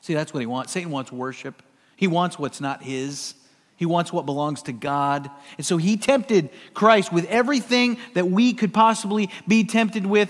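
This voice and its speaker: A middle-aged pastor from the US West Coast preaching a conversational sermon, swinging between loud and hushed. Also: male voice, high voice, normal speed, big-room sound.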